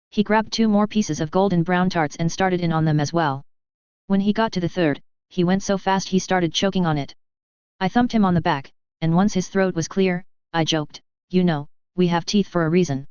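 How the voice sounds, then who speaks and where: A narrator giving an even, unhurried first-person reading of a fan fiction story. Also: mid-range voice, smooth, no echo, lo-fi sound.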